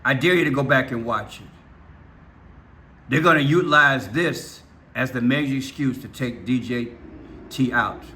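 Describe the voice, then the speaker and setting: Impassioned preacher guy on his video, urgent, really sharp edgy voice. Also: mid-range voice, moderate pace, pauses often. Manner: impassioned, urgent, repetitive rhetorical questions. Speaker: preacher vlogger. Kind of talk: fervent preaching monologue.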